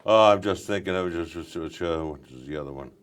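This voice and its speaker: A man's voice: deep voice, fast, clear, resonant tone. An older male voice actor chatting animatedly in an interview and slipping into character voices. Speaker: voice actor guest. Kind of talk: casual interview chat.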